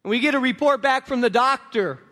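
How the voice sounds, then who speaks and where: A man's voice: very high voice, brisk, pushed and bright. A male pastor preaching a sermon to a congregation, emphatic and repetitive, telling stories. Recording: long reverb of a large room.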